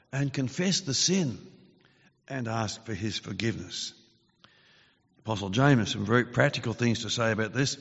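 A man preaching a sermon in an earnest, measured way, his voice growing forceful when he reads scripture. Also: fairly low pitch, breathy edge. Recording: dull lo-fi sound with long reverb.

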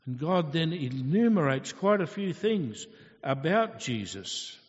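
A male preacher delivers a sermon slowly and earnestly, in a fairly high voice, and asks his listeners rhetorical questions. The sound is dull and lo-fi, with the long echo of a hall. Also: big pitch swings.

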